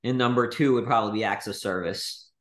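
A man's voice: lowish voice, quick pace. A man as a podcast guest, building his points steadily in long reflective sentences. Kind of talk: reflective interview answers. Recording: roomy echo.

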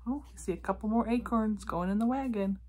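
A woman reading a picture book aloud to children, gently asking them questions about the pictures. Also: a little high, a little fast. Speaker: children's storybook reader.

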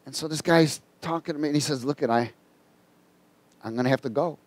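A man delivers a sermon in a casual, folksy storytelling manner, slowing down to read scripture with emphasis. His voice sits somewhat high for a man. The sound is dry and close, with no room echo. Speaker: preacher.

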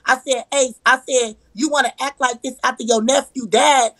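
A woman's voice: high-pitched, fairly even intonation, moderate pace, fairly bright tone, no echo, poor audio. A woman telling a heated personal story, emphatic and profane, acting out the arguments she quotes. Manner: profane, repetitive. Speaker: live-stream guest.

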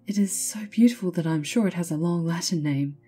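A woman voicing an eager, self-absorbed young male student who speaks in an excited, lofty way. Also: fairly low pitch, quick pace, breathy edge, faint music behind. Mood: delighted.

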